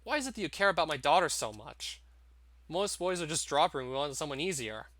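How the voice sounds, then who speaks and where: A man's voice: on the high side, very animated, fast talker, a bit bright, dry recording. A man voicing a sneering, abusive middle-aged father who taunts and mocks. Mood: menacing, taunting. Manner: taunting, mocking.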